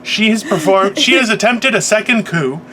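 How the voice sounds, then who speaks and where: A man co-hosting a casual morning podcast, animated and swearing freely, acting out other people as he tells stories. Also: sits high, moderate pace, slight background noise. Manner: animated, swearing, mimics others mid-story. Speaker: podcast co-host.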